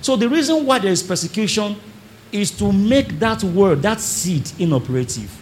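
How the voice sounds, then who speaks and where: A man's voice: high voice, moderate pace, a little hiss or hum. A man preaching a sermon to a congregation, acting out churchgoers and calling on the audience to respond. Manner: animated preaching, acts out congregants, calls on the audience. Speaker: pastor. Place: church service before a congregation.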